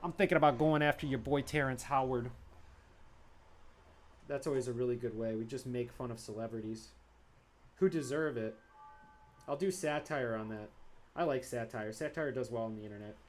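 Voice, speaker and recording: A man livestreams from his home studio while drawing at his desk, chatting casually and rambling between jokes. He's playful and sings silly made-up ditties, speaking at a moderate pace in a mid-range voice with long pauses and a little hiss or hum.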